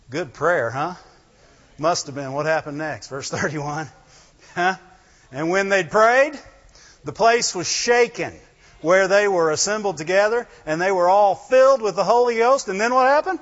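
A man preaching a sermon, animated and full of rhetorical questions, breaking into "Glory to God" again and again. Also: high voice, normal speed. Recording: dull lo-fi sound in a reverberant hall.

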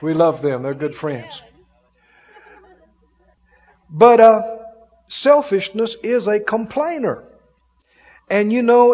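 A man's voice: high voice, darkish tone, big-room sound, lo-fi sound. A male preacher giving a folksy, emphatic sermon, often laughing as he preaches.

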